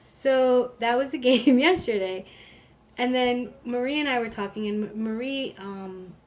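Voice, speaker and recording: A woman's voice: a little high, a little slow, darkish tone. A woman in her thirties hosting a live stream, casual and rambling, with lots of "like". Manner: chatty, rambling, frequent "like". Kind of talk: casual chat.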